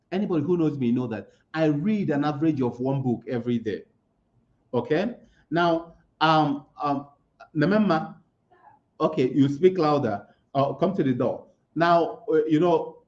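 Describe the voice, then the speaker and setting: Speaking at an online conference, a motivational speaker asks himself rhetorical questions, answers them himself, and repeats key words for emphasis. His voice is on the high side with a darkish tone. The sound is slightly muffled and lo-fi.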